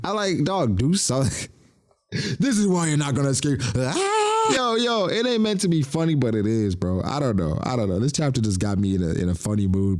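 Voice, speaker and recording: Animated slangy man with a low voice. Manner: animated, laughs often, slangy, acts out quotes. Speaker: podcast host reviewing a manga chapter. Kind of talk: casual chat.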